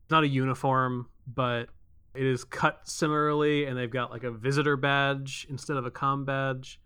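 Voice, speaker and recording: Bright, crisp-voiced male game master. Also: mid-range voice, level tone, normal speed, dry recording. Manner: descriptive, loose with asides. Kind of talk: narrating a tabletop game.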